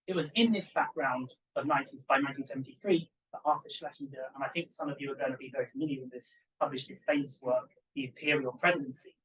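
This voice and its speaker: A young man, a PhD student, giving an academic conference talk in an animated, emphatic way with asides to the audience. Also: mid-range voice, quick pace, few pauses, distant mic, low-quality recording. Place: conference room.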